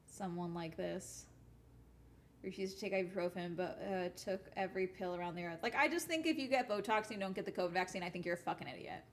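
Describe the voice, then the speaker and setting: A young adult woman YouTuber chatting casually on a live stream while gaming, ranting bluntly and swearing often. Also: lowish voice.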